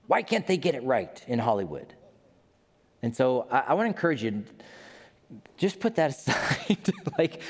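A male pastor preaching a sermon, telling a story with playful asides. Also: fairly high pitch. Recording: long hall reverb.

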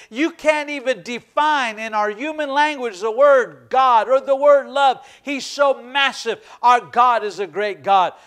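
A man's voice: extremely high pitch, unhurried, few pauses, a bit bright, clear, resonant tone. A man preaching a sermon as pastor, fervent and emphatic, repeating phrases for stress.

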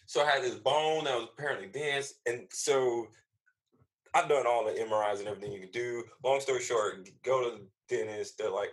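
A man's voice: fairly quick, poor audio. A man, a comedian guest, telling a story in casual, profane chat, acting out the people he quotes. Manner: animated, acts out quoted voices with big pitch jumps; slangy and profane.

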